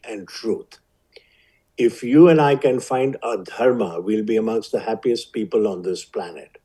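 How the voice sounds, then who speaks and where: A man in his seventies with an Indian accent, a physician telling his life story as a guest in an interview, measured and vivid. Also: medium pitch, dark tone, husky, low-quality recording. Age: 70s.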